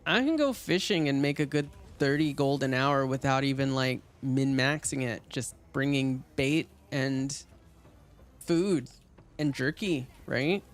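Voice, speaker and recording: A man's voice: mid-range voice, a little slow. A man chatting casually and rambling with lots of fillers as he streams a game. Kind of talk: casual gaming stream chat.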